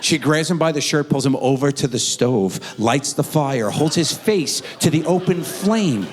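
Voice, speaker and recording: Man, stand-up comedian, lively swooping delivery, acts out characters, theatre stage, long reverb. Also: on the high side, measured pace. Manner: animated storytelling, acting out characters. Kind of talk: live stand-up performance.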